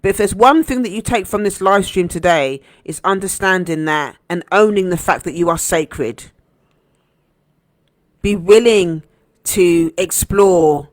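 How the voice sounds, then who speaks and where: Woman coach on a live stream, earnest, gentle, repeats herself for emphasis, dry close sound. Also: on the low side, no echo. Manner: gentle, encouraging. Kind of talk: heartfelt motivational live stream talk.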